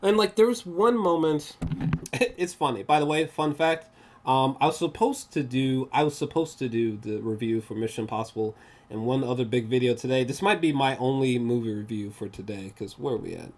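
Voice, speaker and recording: A movie reviewer talking through a casual spoiler review vlog, animated and excitable, rambling with many restarts and swearing often. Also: medium pitch, moderate pace. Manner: rambling, with frequent restarts and fillers.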